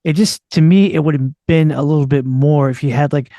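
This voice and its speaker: A man's voice: a little high, fairly even intonation, fairly quick, dark tone, no room sound, muffled recording. Rambling male podcast host. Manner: rambling, many fillers and restarts. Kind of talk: casual chat.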